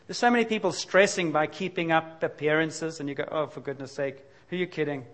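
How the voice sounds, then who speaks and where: A middle-aged man delivering a sermon in a frank, confessional tone. His voice sits a little higher than most men's, and he moves between relaxed conversation and sudden emphatic bursts. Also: fairly quick. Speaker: pastor.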